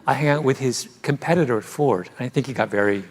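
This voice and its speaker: A man's voice: medium pitch, fast, slight background noise. A man, an author, in a live stage conversation, telling a story with lots of energy and frequent laughter. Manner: animated storytelling, laughs often. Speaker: author being interviewed. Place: theater stage before an audience.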